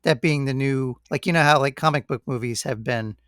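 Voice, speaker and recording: A man co-hosting a podcast in casual chat, relaxed and rambling. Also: mid-range voice, brisk, no echo, clean studio sound. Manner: relaxed, rambling, says "like" and "you know" a lot. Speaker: podcast co-host.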